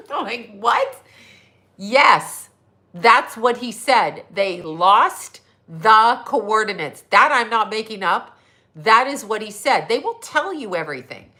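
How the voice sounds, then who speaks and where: A middle-aged woman, a psychic and astrologer, chatting on a livestream in a hoarse, scratchy voice, mocking and sarcastic, laughing often and swearing. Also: a little high, expressive, slow, bright, forceful tone. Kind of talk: casual livestream chat.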